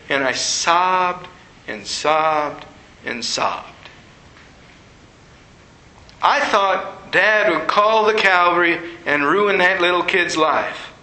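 A man's voice: high-pitched, bright, forceful tone. A middle-aged man, a pastor, telling a personal story in a sermon with earnest emotion. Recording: echoey room.

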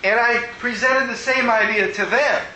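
A man preaching a sermon as pastor, telling stories in an animated way and acting out the people he quotes. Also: extremely high pitch, moderate pace, a little hiss or hum. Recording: roomy echo.

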